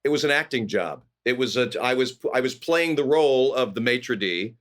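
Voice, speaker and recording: A middle-aged man from California, a guest actor telling lively anecdotes in an interview and acting out the people he quotes. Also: medium pitch, normal speed. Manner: animated anecdotes with voiced quotes. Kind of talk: storytelling interview.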